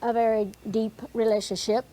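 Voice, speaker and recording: A woman's voice: a little high, level tone, normal speed, warm tone, low-quality recording. A woman in her sixties with a Southern mountain accent, telling family stories as an interview guest in a folksy, rambling way full of fillers. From Tennessee, USA. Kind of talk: emotional interview storytelling.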